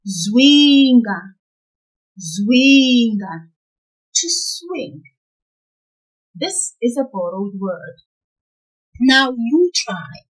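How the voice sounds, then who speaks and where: A woman teaching a children's vocabulary lesson, slow and patient, repeating each word so young learners can say it after her. Her fairly high voice swings up and down with a lot of expression. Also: very animated, a bit bright, breathy edge, low-quality recording. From South Africa. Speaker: isiZulu language teacher for kids.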